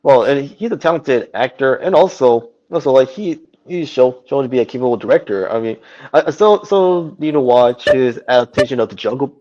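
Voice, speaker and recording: A halting male co-host with a dark, mellow tone stumbles through his points, repeating words as he goes. His voice comes through a dull, lo-fi connection. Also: mid-range voice, animated. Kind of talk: casual chat.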